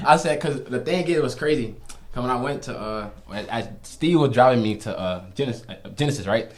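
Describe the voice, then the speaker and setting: A man's voice: medium pitch, fairly quick. A young man, a podcast guest, telling his story casually with slang and frequent laughter. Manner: laughs often, slangy and animated.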